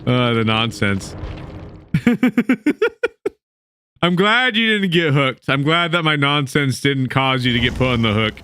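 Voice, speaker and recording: A man's voice: mid-range voice, lively intonation, takes it slowly, pushed and bright, slight background noise. A man streaming a video game, chatting casually with viewers and teammates and laughing often. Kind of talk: casual gaming stream chat.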